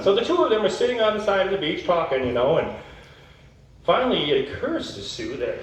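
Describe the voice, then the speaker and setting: Male emcee, higher pitch, playful drawn-out storyteller, heard from far off in a big echoing hall. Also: big pitch swings, slight background noise. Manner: folksy, playful, drawn-out delivery. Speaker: master of ceremonies. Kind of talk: stage joke storytelling. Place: large hall at a talent show.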